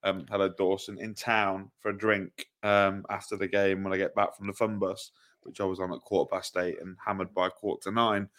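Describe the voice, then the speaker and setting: A man's voice: deep voice, little pitch movement, brisk, fairly bright tone. A young man with a self-mocking way of telling stories, co-hosting a casual football podcast chat. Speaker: podcast co-host.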